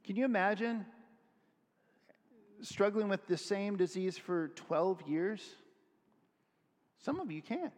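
A high-voiced man preaches with lively energy and slips into the voices of the people in the story as he reads. His voice carries a long reverb, as if he speaks in a large hall. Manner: animated, acts out voices while reading scripture. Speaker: pastor. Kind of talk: sermon.

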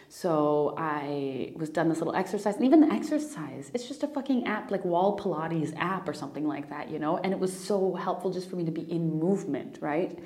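A woman's voice: fairly low pitch, warm tone. A young woman hosting a podcast, talking through her feelings in a candid, emotional monologue with restarts and swearing. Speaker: podcast host.

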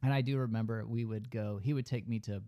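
A man's voice: lowish voice, steady tone, quick pace, no echo, muffled recording. A man co-hosting a podcast in easygoing casual chat. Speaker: podcast co-host.

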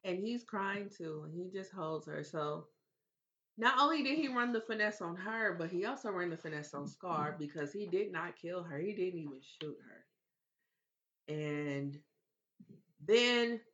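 A woman co-hosting a movie review podcast, retelling the plot in casual chat and sounding animated and exasperated, swearing freely. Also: fairly low pitch, a little slow, dull audio, a little hiss or hum.

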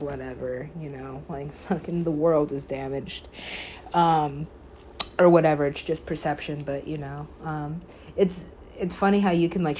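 A woman with a slightly low voice talks through a story on her own podcast. She rambles, leans hard on filler words, swears freely and laughs often as she goes. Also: darkish tone, a little hiss or hum. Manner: laughs often while telling. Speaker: podcast host. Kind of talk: casual storytelling monologue.

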